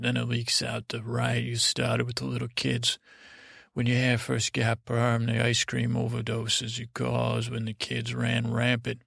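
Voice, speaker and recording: A man telling a meandering, improvised bedtime story in a halting way, with many restarts and trailing asides. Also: completely flat delivery, a bit bright, no room sound, studio quality. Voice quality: gravelly, low-key drone. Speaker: sleep podcast host.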